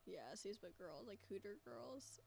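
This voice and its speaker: A woman's voice: mid-range voice, expressive, unhurried, creaky, darkish tone, husky. A teenage woman from California in casual chat, joking, giggly and rambling. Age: teens. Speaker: interviewee.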